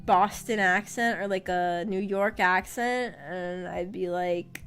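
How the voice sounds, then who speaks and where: Speaking slowly in a lowish, somewhat bright voice with fairly even intonation, a woman VTuber rambles through casual livestream chat, drifting off into fillers and laughing a lot. Faint music plays behind her, and she's using a streaming microphone.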